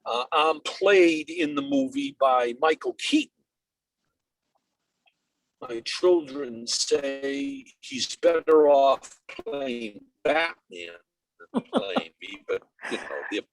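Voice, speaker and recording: Animated older man with a Boston accent. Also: fairly high pitch, takes it slowly, no echo, rough recording. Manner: animated storyteller, punchy short phrases. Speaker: interview guest. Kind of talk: anecdotal storytelling. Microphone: video call.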